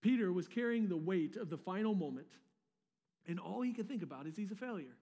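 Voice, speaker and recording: A man's voice: high voice, animated, brisk, warm tone. A pastor preaching a sermon in a casual, conversational way, with slangy asides and words he often repeats. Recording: long reverb of a large hall.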